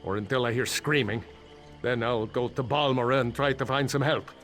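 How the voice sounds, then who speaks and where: A man's voice: mid-range voice, moderate pace, fairly bright tone, faint music behind, lightly acted. An actor playing an anxious male mine foreman in a video game, rambling nervously with dry humor about his trapped crew.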